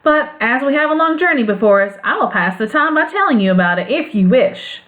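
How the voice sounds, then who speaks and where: A woman's voice: high-pitched, expressive, a little fast, pitched above the performer's own voice. A woman reading a storybook, voicing a courtly male winged monkey king telling a tale. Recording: phone-like narrow band sound.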